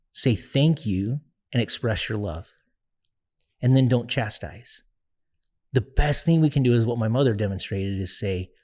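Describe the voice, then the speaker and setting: A man's voice: on the low side, a little mellow. A middle-aged man speaking earnestly as an interview guest, telling stories and acting out quoted dialogue. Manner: earnest storyteller, acts out quoted family dialogue. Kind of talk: interview conversation.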